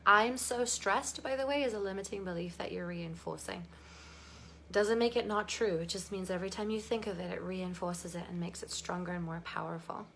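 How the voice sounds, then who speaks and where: A woman's voice: lowish voice, fairly quick, creaky, a little hiss or hum. A woman coaching a live online workshop, bubbly and effusive, reading out viewers' comments and laughing often. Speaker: life coach.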